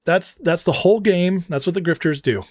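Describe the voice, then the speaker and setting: A man's voice: high-pitched, normal speed, dry recording. A man hosting a political commentary show, ranting with heated scorn and slipping into storytelling asides. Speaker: show host.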